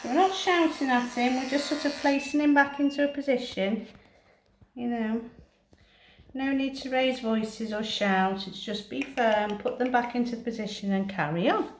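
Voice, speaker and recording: A woman cat groomer, soothing a kitten in baby talk and calmly explaining each step as she clips him. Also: on the high side, moderate pace, slight background noise. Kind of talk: narrated grooming demonstration. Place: indoor grooming room. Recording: roomy room with electric clipper buzz.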